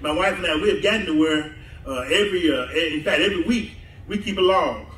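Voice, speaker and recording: Laughing high-voiced pastor, echoey church. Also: male voice, a little fast, fairly bright tone. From southern United States. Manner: laughing, conversational preaching with call-and-response. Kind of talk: sermon. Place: church sanctuary. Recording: echoey church hall mic from a distance.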